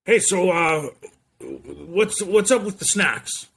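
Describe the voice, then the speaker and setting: A man voicing a brash, fast-talking middle-aged shop owner with a pushy, gruff bark, pitched well above his own voice. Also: animated, a bit bright, exaggerated voice.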